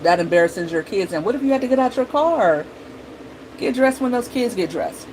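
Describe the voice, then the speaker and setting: A woman's voice: fairly high pitch, expressive, normal speed, darkish tone, a little hiss or hum, low-quality recording. A middle-aged woman talking casually to her viewers as a mom vlogger, chatty and blunt, acting out her kids and herself.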